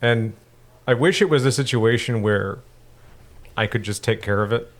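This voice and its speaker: A young adult man co-hosting a casual gaming podcast, telling stories in an animated, profane, ranting way. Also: on the low side, normal speed. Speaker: podcast co-host.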